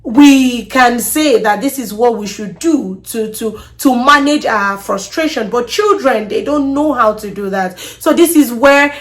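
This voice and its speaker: An earnest woman with a slightly high voice hosts a talk on parenting advice. She repeats words as she thinks and often stops to check in with a quick "okay?". Her delivery is steady and instructive. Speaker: podcast host.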